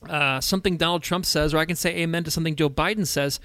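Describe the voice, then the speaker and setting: A man's voice: fairly high pitch, quick pace, no room sound, clean studio sound. A man speaking as a pastor on a podcast, emphatic and getting worked up. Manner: animated, preachy and emphatic. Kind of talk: casual podcast conversation.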